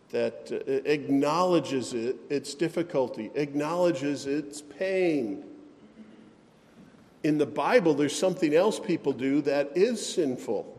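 A man's voice: mid-range voice, a little mellow, big-room sound. A man preaching a sermon as pastor, earnest and emphatic, with sighs and light self-deprecating asides.

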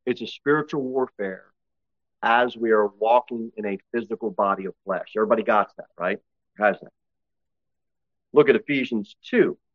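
A man preaching a sermon, swinging from loud exhortation to low, intense asides and slowing down to read scripture aloud. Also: no echo. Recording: dull, dry lo-fi recording.

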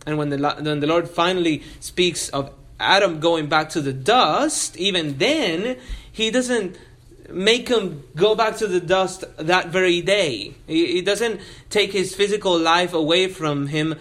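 A man's voice: high voice, a little slow, a bit bright. A male pastor preaching an expository sermon, reading scripture and explaining it with earnest emphasis.

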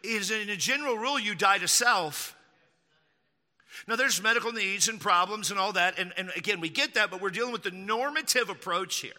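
A man from Texas preaching a sermon as pastor, emphatic, slowing down to repeat key lines and throwing in mocking asides. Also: high-pitched, bright, forceful tone, big-room sound.

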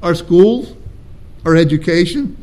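High-voiced man preaching emphatically. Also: animated, dark tone. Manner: emphatic preaching, slow deliberate stresses, rhetorical questions. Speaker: pastor. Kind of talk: sermon.

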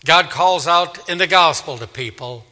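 A man's voice: on the high side, moderate pace, pushed and bright. A man preaching an expository sermon, dramatically acting out the voices of God and the people. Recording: echoey hall with long reverb.

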